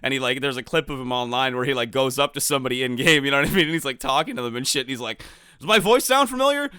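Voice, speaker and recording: A man's voice: medium pitch, very fast, smooth, no echo, studio quality. A man co-hosting a podcast, telling stories in casual, profane chat and acting out the quotes. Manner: animated storyteller, swears freely, acts out quotes. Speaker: podcast co-host.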